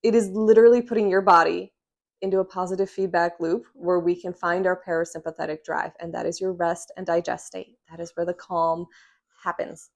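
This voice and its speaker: A woman's voice: on the low side, flat delivery, fairly quick, creaky. A woman, a respiratory therapist, talking frankly and reassuringly to her phone camera at home, often checking in with "okay?" and "right?". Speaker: respiratory therapist sharing breathing tips. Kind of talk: casual direct-to-camera vlog. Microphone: phone camera under ring light.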